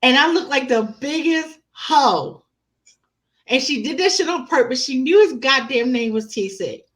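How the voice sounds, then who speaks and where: A woman telling personal stories in casual chat, animated and laughing often, swearing freely. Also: high-pitched, a little slow.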